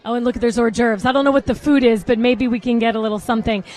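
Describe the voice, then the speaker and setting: A woman's voice: a little high, steady tone, quick pace, a little mellow. A woman hosting a live red carpet pre-show, chatty and easily distracted as she talks to the camera. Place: red carpet at a salon event.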